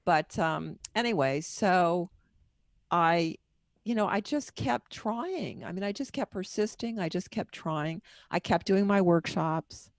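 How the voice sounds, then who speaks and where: A middle-aged woman, a guest author and book marketing coach, tells personal stories candidly and at length in a podcast interview, wandering from point to point. Her lowish voice is gravelly with plenty of fry, expressive and slow. The sound is close and dry, with no room echo at all.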